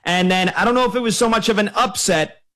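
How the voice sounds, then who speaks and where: A man's voice: high voice, fast, bright, forceful tone. A man hosting a sports radio call-in show, talking in a chatty, conversational way.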